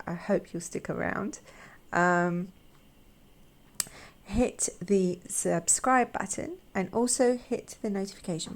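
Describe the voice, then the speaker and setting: Croaky, slow-talking woman vlogger. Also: lowish voice, a little mellow. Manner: gushing, halting with repeats. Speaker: art channel host. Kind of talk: casual chat.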